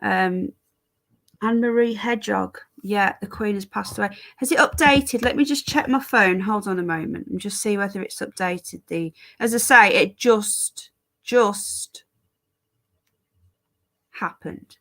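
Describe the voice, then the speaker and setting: A woman's voice: mid-range voice, a little slow, a bit bright. An English woman chatting casually on a live stream, greeting viewers by name while fiddling with her stream settings. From England.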